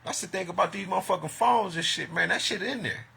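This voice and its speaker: A man's voice: high-pitched, fast, gravelly, bright, forceful tone, breathy edge. A man ranting to the camera in a vlog, agitated and profane, making accusations. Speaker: vlogger.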